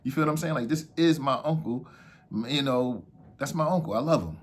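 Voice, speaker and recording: Speaking briskly at medium pitch, a man recounts a story from his past in casual street slang. He acts out what other people said in raised voices, keeping it animated.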